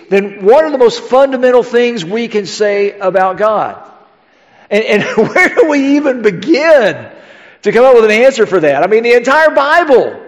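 A middle-aged pastor preaches in an easy, conversational way and keeps asking rhetorical questions of his congregation. His voice sits fairly high for a man. It carries through a church sanctuary with a long tail of reverb, captured on a dull, muffled recording. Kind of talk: sermon.

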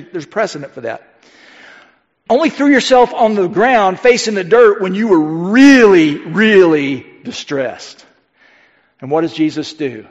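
A man in his fifties preaches in a church, his voice sitting high for a man. He acts out the words of others and swings between loud emphasis and near-whispered intimacy. The sound is dull and lo-fi, with a long reverb trailing off the hall. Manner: animated storyteller, acts out quotes, swings from loud to hushed. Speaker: pastor. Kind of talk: sermon.

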